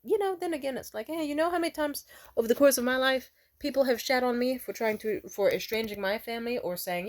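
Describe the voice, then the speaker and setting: A woman's voice: high voice, quick pace. A young woman vlogger telling a story in a rambling, casual way, full of fillers and restarts, laughing often and swearing bluntly.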